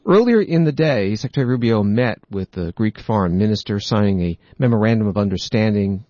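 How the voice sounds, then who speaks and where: A man hosting a news program, reading reports in a steady, measured scripted delivery. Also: fairly low pitch, no room sound, dull audio. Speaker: news host.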